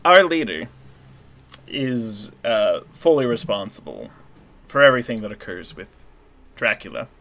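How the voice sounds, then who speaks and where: A man's voice: fairly low pitch, big pitch swings, unhurried, vocal fry, pauses often, a bit bright, soft background music, exaggerated voice. A man voicing a paranoid, sleep-deprived woman scientist who talks in a tense, guarded way. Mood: cold.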